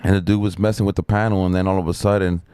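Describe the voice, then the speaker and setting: A middle-aged man rambling through a profane story on a casual live stream, with lots of fillers and a sharply higher voice when he quotes other people. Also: level tone, very fast, dark tone, smooth, no room sound. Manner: raises pitch sharply when quoting others.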